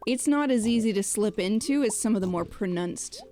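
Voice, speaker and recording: A woman's voice: medium pitch, lively intonation, fairly quick, warm tone, soft background music. A woman co-hosting a game stream in casual, chatty, self-deprecating talk. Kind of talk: casual chat.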